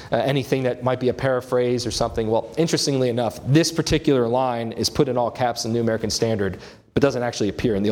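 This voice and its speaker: A man preaching an expository sermon, earnest and emphatic, his voice rising on key points. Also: mid-range voice.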